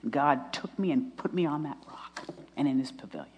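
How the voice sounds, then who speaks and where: A woman's voice: extremely low pitch, animated, normal speed, a little mellow, husky. A middle-aged woman giving an earnest testimony sermon, quoting scripture and laughing at herself. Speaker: speaker at a women's retreat. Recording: long reverb in a hall.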